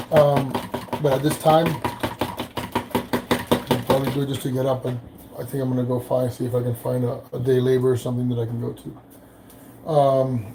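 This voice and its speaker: A man talks casually to his viewers while cooking breakfast in a home kitchen. He rambles, with plenty of fillers and restarts, and the room noise is clearly audible under his voice. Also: mid-range voice. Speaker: vlogger. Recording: noisy room ambience.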